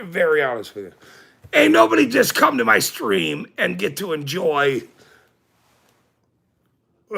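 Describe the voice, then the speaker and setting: A man's voice: on the high side, gravelly, bright, forceful tone. A middle-aged man hosting a livestream, ranting at his chat in a profane, combative way with frequent laughs. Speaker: livestream host.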